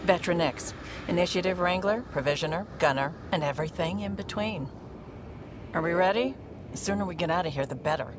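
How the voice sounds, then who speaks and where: A woman voicing a cool, capable female alien provisioner in a video game, speaking briskly and self-assuredly. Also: on the low side, close to an everyday voice. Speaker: ship's provisioner. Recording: game audio with loud noise.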